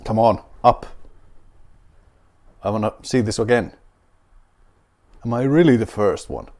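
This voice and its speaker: This host speaks in a lowish, darkish voice, taking his time. He's a Finnish-accented man sipping beer as he plays a rally game, narrating to himself with wry, mock-grand humor.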